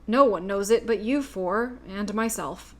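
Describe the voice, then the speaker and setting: A woman's voice: medium pitch, a little slow, fairly bright tone, natural voice. A woman reading aloud voices a timid, meek little old man who has been posing as a great wizard, speaking in a trembling voice.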